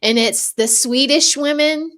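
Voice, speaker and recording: A young adult woman co-hosts a casual podcast chat in a high-pitched, fairly bright voice, speaking a little slowly. She's giggly, laughing often between remarks.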